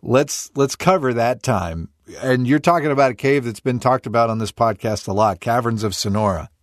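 A man's voice: mid-range voice, moderate pace, no echo. Host: man, mid-range voice, casual interviewer, dry close recording. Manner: reactive, brief interjections. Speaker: podcast host.

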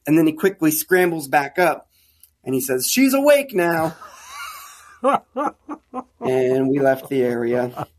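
A man telling a caving story as a podcast guest, casual and animated, acting out the lines of people in it. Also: medium pitch, measured pace, long pauses. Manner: animated, acts out quoted dialogue. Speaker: guest, caver.

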